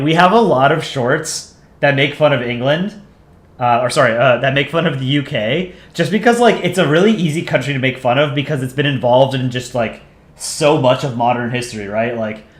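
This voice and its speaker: Young American man, casual stream host, rambling, chatty, room echo. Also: medium pitch. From United States. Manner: rambling, chatty, reads viewer comments aloud. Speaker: channel host on a livestream. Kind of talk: casual livestream chat.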